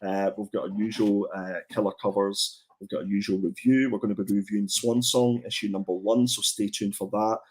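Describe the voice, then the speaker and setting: A man's voice: on the low side, fairly even intonation, fairly quick, hardly any pauses, breathy edge. A man hosting a casual comics livestream, chatty and prone to repeating his words as he goes. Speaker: comic show host.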